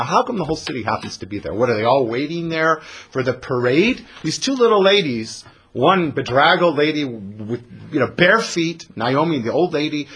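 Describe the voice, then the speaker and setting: A man teaching a lively Bible lesson as a dramatic storyteller, mixing in Hebrew and Yiddish terms. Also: on the high side, husky. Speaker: Torah teacher.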